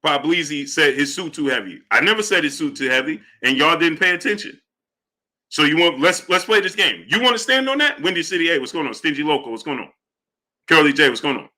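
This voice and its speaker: Guy on a boxing livestream, bright sharp voice, kinda high, calling out chatters. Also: animated, brisk. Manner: combative, challenges chatters, shouts out viewers. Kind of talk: live-stream chat, reading donations.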